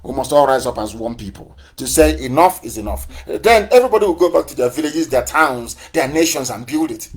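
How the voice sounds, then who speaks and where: Fiery man, higher voice. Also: animated, a little fast, hardly any pauses, slightly rough. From southeastern Nigeria. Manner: fiery, repetitive rhetorical questions and taunts. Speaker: movement leader on a live broadcast. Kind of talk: impassioned live broadcast address.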